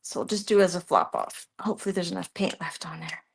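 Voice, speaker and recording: A woman's voice: on the low side, lively intonation, quick pace, creaky, slightly rough. A woman giving a casual crafting tutorial, chatting and thinking aloud as she works. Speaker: mixed media art tutor.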